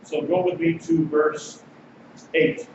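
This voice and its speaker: Male pastor, high voice, conversational sermon, heard from a distance in a noisy, muffled recording. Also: flat delivery, takes it slowly. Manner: conversational preaching, reads passages aloud. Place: congregation sanctuary. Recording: distant mic, echoey sanctuary, dull and noisy.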